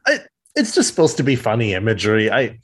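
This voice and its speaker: Podcast co-host, male, lively pitch, playful comic recap delivery. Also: fast talker, slightly rough. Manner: animated, acts out characters' lines in silly voices. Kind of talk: casual comic recap chat.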